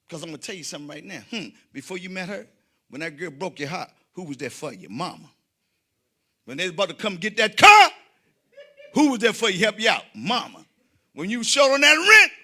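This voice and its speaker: A man working a comedy stage with a bright, cutting voice that sits high in the male range. He tells his stories by putting on the voices of everyone in them, jumping up and down in pitch and shouting the punchlines. Between bits he calls out to the audience and asks them questions. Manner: animated storytelling, acts out quoted voices, shouts punchlines; addresses the audience directly. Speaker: stand-up comedian. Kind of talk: stand-up comedy routine.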